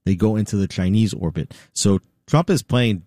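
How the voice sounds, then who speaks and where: A middle-aged man being interviewed as a guest. He speaks in a measured way and often says "you know". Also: lowish voice, lively intonation, dark tone, no echo, clean studio sound. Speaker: interview guest, news executive. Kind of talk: conversational interview.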